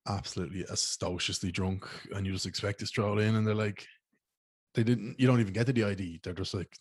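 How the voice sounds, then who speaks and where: A man's voice: low-pitched, darkish tone, slightly rough, dry recording. A young Irish man telling rambling, slangy stories in a casual monologue and swearing freely. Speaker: podcast host.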